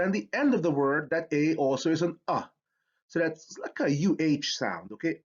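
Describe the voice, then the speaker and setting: A man's voice: a little high, sing-song, normal speed, husky, muffled recording. A man teaching a spelling lesson, explaining with enthusiasm. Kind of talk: educational lesson.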